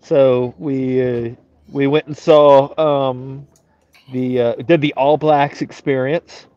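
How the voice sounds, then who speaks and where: Tennessee co-host, halting, dull lo-fi phone call from a beach. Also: male voice, medium pitch, little pitch movement, warm tone, no room sound. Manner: rambling, halting, many fillers. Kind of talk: casual video-call chat. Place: outdoors on an island beach.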